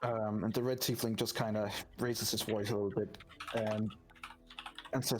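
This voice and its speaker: A man narrating a tabletop game as game master, relaxed and full of fillers. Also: on the low side, moderate pace, slight background noise. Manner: relaxed, with many fillers and restarts.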